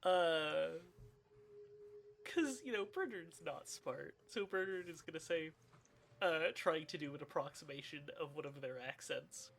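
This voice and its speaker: Gravelly, playful tabletop player. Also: medium pitch, unhurried, a little hiss or hum. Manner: playful, joking. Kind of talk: playing a tabletop game.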